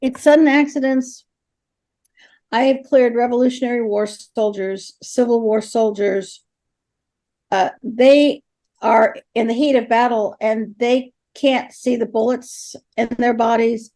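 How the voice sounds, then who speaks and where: Older lady guest, mellow, slightly high voice, acts out the voices as she tells it. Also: a little slow. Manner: animated storytelling, acting out the dialogue. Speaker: interview guest, ghost helper. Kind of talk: storytelling in an interview.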